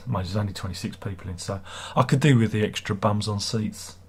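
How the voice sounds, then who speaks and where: A man's voice: on the low side, moderate pace, darkish tone, slightly rough. A middle-aged man hosts a livestream, chatting casually and reading viewer comments in a sarcastic, rambling way. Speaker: livestream host.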